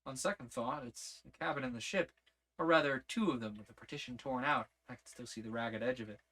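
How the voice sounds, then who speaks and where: A man's voice: medium pitch, brisk, pushed and bright. Man reading a story aloud. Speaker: audiobook narrator. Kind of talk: first-person story reading.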